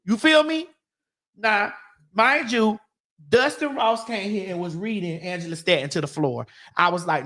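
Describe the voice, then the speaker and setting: A woman from Miami-Dade hosting a morning talk show, telling a story in a blunt, profane, animated way. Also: mid-range voice, normal speed. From Miami-Dade, Florida.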